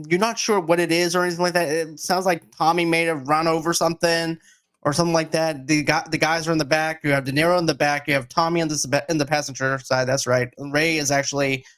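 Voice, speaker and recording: A man's voice: a little high, a bit bright, clean tone. A man with a Boston accent hosting a casual movie chat, talking in an enthusiastic, rambling way. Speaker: podcast host.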